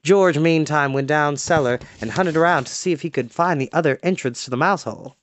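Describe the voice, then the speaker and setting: A storyteller reading a children's book aloud in an expressive, lively way. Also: mid-range voice, a little fast, dry recording.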